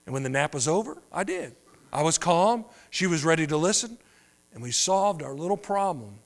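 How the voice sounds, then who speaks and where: A man preaching a sermon, moving between quiet, drawn-out phrases and louder emphatic ones. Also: a little high, big pitch swings. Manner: preaching with wide swings between soft and loud. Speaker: pastor.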